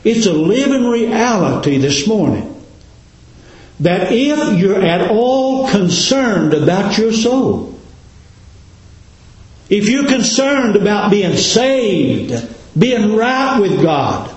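A man's voice: high voice, big pitch swings, takes it slowly, darkish tone. A man preaching a sermon in a folksy, dramatic cadence, full of rhetorical questions. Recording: very echoey room.

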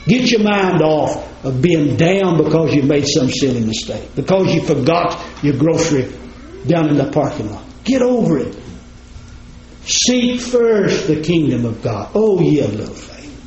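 A man's voice: on the high side, animated, a little slow, a little mellow. A man preaching a sermon in a folksy, plain-spoken way, talking straight to his congregation. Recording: roomy, slightly dull recording.

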